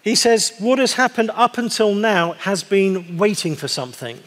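A man preaching a sermon in a conversational, wry way, slowing down to stress key words. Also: sits high, animated, fairly bright tone. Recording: long hall reverb.

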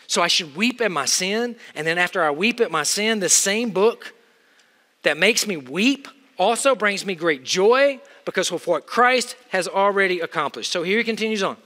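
A man preaching a sermon to students, swinging between low, quick asides and loud, emphatic exhortation. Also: animated, long reverb tail.

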